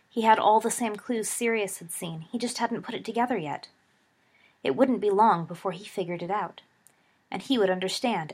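A woman narrating a story aloud in an expressive storytelling read. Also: mid-range voice, slightly rough. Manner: expressive, shifts voice for dialogue. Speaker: audiobook narrator.

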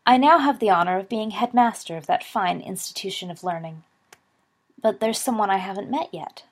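A woman voicing an elderly, calm male wizard headmaster who speaks in a courtly, gently assured way. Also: mid-range voice, normal speed, close to an everyday voice.

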